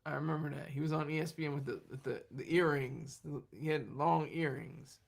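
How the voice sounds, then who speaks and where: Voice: mid-range voice, a little fast, vocal fry. A livestream host chatting casually and rambling, laughing often and answering comments from the chat while running on fumes.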